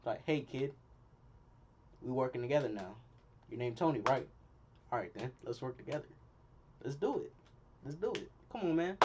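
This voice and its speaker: A man's voice: a little high, fairly even intonation, moderate pace, noisy background, lightly acted. A young man voicing a laid-back, respectful male superhero teammate in slangy casual speech, with a dull lo-fi sound. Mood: friendly.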